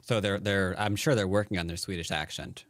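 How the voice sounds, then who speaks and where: A somewhat low-pitched man talking casually into a close mic, his voice dry with no room around it. He commentates a game of Go and banters with viewers, playful and jokey, tumbling over restarts. A tired edge runs through it. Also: steady tone, fairly quick, no echo. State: tired from little sleep. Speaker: Go player and teacher streaming a game. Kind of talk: casual live-stream commentary answering chat.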